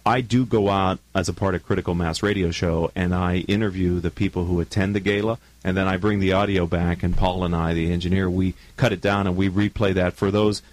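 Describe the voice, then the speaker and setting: Man, radio talk host, low voice, dry studio sound, chatty and joking. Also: steady tone, brisk, hardly any pauses, a little mellow, no room sound, rough recording. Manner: chatty, jokey, affirming. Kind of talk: casual radio interview.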